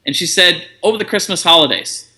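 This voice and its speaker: A middle-aged man chatting as an interview guest, relaxed and talkative, acting out bits of dialogue as he tells a story. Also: sits high, a little fast.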